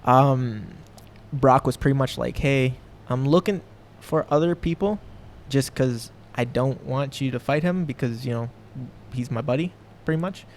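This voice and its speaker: A young professional MMA fighter talks casually as a podcast guest, rambling with lots of fillers and restarts. His voice is medium-pitched and measured, with a little hiss or hum in the recording.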